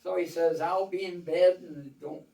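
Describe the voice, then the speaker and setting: A man's voice: a little high, fairly even intonation, moderate pace, mellow. An older man telling rambling, folksy war stories to a small audience, quoting others at length. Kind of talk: casual storytelling to a small audience. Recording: roomy, from far off the mic.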